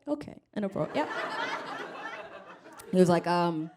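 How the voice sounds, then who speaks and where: A woman's voice: lowish voice, big pitch swings, a little slow, pauses often, slight background noise. A woman from Rwanda doing a stand-up comedy set on stage, wry and self-deprecating, acting out other people's voices. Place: comedy club stage with live audience.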